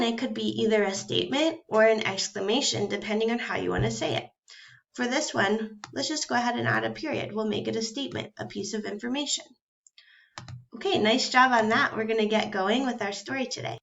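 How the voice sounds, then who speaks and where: A woman teaching a recorded first grade reading and grammar lesson, speaking slowly and clearly and sounding out letters one at a time with patience. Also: mid-range voice, a bit bright, highs cut off. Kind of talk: recorded phonics and grammar lesson for young children.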